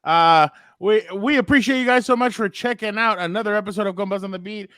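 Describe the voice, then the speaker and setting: A male podcast host closing the episode with casual promotional plugs and frequent filler pauses. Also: high voice, fairly bright tone, smooth, dry recording. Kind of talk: casual sports podcast outro.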